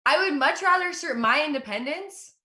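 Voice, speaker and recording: Bright, upbeat young woman comedian. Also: high-pitched, brisk. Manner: animated, upbeat, self-mocking. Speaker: stand-up comedian. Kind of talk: stand-up comedy set. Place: at home in front of a green screen. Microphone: computer mic for an online show.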